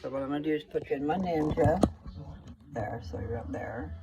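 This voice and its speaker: A woman's voice: sits low, lively intonation, brisk, heavy background noise. A woman vlogger in her kitchen, talking casually and folksily to her viewers and often checking in with "okay?".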